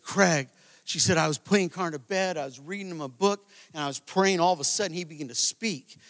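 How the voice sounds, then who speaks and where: A man giving a sermon testimony, telling a story that builds to loud, emphatic moments, recorded live in a large church. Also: high-pitched. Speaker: guest preacher. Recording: live church hall reverb.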